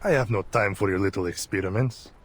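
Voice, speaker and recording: A man's voice: fairly low pitch, fairly quick, close to an everyday voice. A man voicing a ruthless, ambitious male army general who talks in a curt, threatening way in a game. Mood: hard. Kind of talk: game voice acting.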